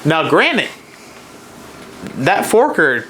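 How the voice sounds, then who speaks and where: A man co-hosting a podcast, retelling a deer hunt in a lively way and playing out what the deer might have thought. His voice sits at an ordinary middle pitch. A faint hum of room ambience runs under his talk. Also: moderate pace. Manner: animated storyteller, acts out deer thoughts. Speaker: podcast co-host. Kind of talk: casual hunting story chat.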